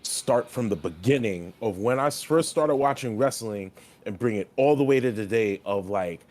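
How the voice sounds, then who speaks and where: A man's voice: fairly low pitch, animated, moderate pace. Loose, profane young man chatting. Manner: profane, rambling, gets loud and heated when riled up. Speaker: podcast co-host and streamer. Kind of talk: casual chat.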